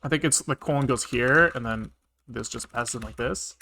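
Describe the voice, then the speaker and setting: Muttering and swearing casually as he thinks through his programming on a live stream, a man speaks at a moderate pace in a mid-range voice with vocal fry and a sharp edge. Typing and clicking sound behind him, along with a little hiss or hum.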